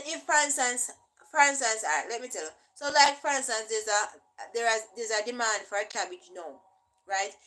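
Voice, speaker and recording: A woman's voice: fairly high pitch, sharp tone, poor audio. A young Jamaican woman vlogger explaining things in a casual, chatty way and often checking in with "right?".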